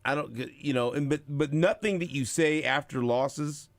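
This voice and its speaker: A man hosting a sports radio show, talking casually with big swings between loud bursts and quiet asides, acting out what others said. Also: fairly high pitch, normal speed, no echo. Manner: animated, swings loud and quiet, acts out quotes. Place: radio studio. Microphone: studio microphone.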